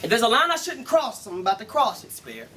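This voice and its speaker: High-voiced man rapping punchlines. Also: wildly swooping pitch, brisk, a crowd in the background. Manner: rhythmic, punchline-driven, preachy delivery. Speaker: battle rapper. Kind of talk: live Christian battle rap performance. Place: live battle event with an audience.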